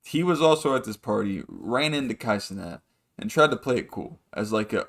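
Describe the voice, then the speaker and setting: A man's voice: fairly low pitch, lively intonation, moderate pace, gravelly. A man hosting a podcast, rambling through a casual story, swearing freely and acting out the people in it. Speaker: podcast host.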